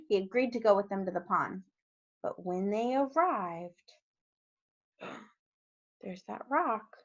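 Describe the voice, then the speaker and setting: A woman, a kindergarten teacher, reading a storybook aloud to young children and gently asking them questions along the way. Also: a little high. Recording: dull lo-fi recording.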